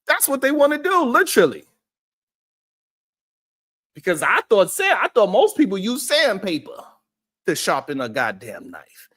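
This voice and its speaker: Hosting a live-stream show through a streaming setup, a man gives preachy commentary, swears often and talks straight to his viewers in an animated way. His voice is high, at normal speed, with long pauses.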